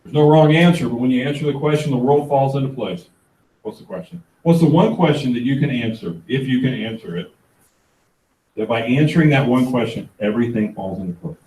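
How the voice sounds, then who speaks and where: Middle-aged male seminar speaker, lively storyteller, warm dark tone, faint room ambience. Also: mid-range voice, a little fast, slight background noise. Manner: animated storyteller who acts out dialogue. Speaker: real estate speaker. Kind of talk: motivational seminar talk. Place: event room. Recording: echoey room, distant mic.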